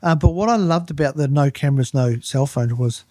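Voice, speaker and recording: Middle-aged man, New Zealand accent, animated storyteller, dry recording. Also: mid-range voice, fairly quick, dry recording. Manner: animated anecdotes, acts out other people's voices. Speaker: guest, turf manager. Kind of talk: casual storytelling chat.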